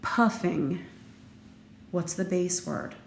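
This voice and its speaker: A woman teacher giving a recorded phonics lesson, slow and deliberate, playful, with sudden lively jumps in her voice. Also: on the low side, vocal fry. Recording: echoey room with faint background noise.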